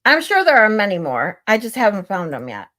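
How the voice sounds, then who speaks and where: A woman's voice: mid-range voice, huge pitch swings, a little fast, sharp tone. Amused woman talking to her chat. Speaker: streamer host. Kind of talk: casual reaction commentary.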